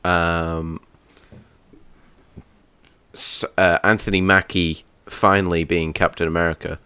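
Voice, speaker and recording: A man's voice: low voice, flat delivery, slow, bright, forceful tone, clear, resonant tone, no echo. A young man co-hosting a casual TV review chat, joking and teasing his friend. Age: young adult. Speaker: co-host reviewing a TV series.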